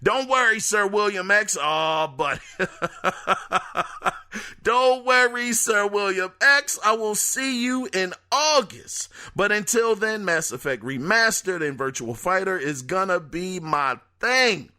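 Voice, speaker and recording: A man hosting a casual solo podcast, reading listener emails in an animated, joking way that trips over words. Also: high-pitched, takes it slowly. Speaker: podcast host.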